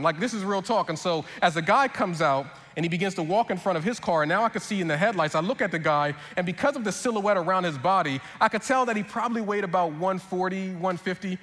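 A man preaching a sermon as pastor, telling a personal story in an animated way with quick repeats, then turning earnest. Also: sits high, long reverb tail.

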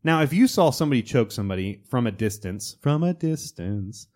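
Man, casual podcast host, mid-pitched, animated delivery, slips into quoted character voices, conversational. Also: brisk. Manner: animated, quotes film lines in put-on voices. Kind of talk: casual chat.

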